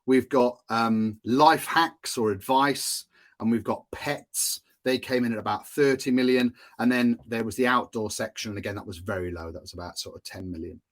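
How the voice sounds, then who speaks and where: Man, podcast host, casual explainer, conversational, um-filled asides, mid-pitched voice. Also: normal speed. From United Kingdom.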